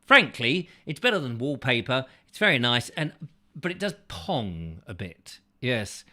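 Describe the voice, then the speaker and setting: A man's voice: medium pitch, very animated, measured pace, sharp tone. A man hosting a chat show, rambling through a whimsical, absurd comic monologue full of silly asides.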